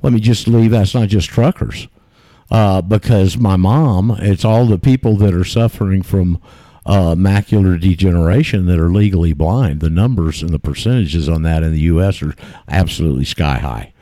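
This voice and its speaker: A male radio host with a very low, deep voice and a dark, mellow tone. He talks in a plain, easygoing manner and puts questions to his guest. The sound is dry and close. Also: normal speed, no echo. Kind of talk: casual radio talk.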